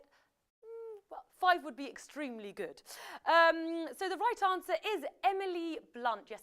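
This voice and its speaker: A woman's voice: sits high, fairly bright tone. Chatty British woman hosting a quiz. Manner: chatty, with jokey asides between questions. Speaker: quiz host. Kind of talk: live quiz show hosting.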